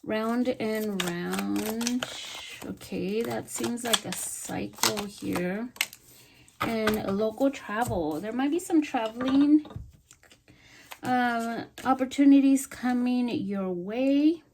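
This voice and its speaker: A woman giving a casual tarot reading, soft-spoken and halting, with many fillers and repeated words. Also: on the high side, noisy background. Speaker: tarot reader.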